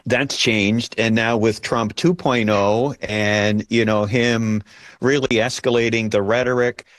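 A man's voice: lowish voice, steady tone, unhurried, fairly bright tone, no room sound. A middle-aged man from Chicago, a guest in a casual discussion, speaking earnestly and conversationally. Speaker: guest, American-born living in Canada.

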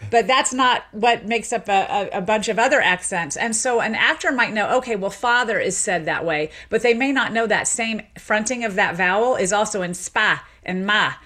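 A middle-aged woman from the American South speaks as an expert guest in a radio interview. Her voice sits at an ordinary middle pitch. She explains in an animated, engaged way and laughs easily. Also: moderate pace, few pauses. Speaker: linguist guest.

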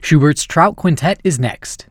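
A man announcing music and pledge reminders on a classical radio station, calm and measured. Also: a little high, no echo, studio quality. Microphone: studio microphone.

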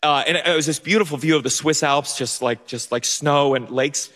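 Animated young man telling a story on stage. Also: a little high, normal speed. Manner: animated, self-mocking, bursts into shouts. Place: theater stage. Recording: long hall reverb.

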